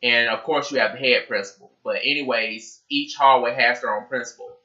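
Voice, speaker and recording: Bright-voiced man telling a storytime. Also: mid-range voice, a little fast, highs cut off. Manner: animated, profanity-laced storytelling. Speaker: vlogger. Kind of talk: casual storytime vlog.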